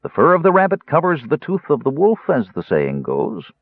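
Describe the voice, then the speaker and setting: A man voicing a smooth, mild-mannered elven high priest who is quietly menacing, on a tinny, dry recording. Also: wildly swooping pitch, normal speed, dry recording, full character voice.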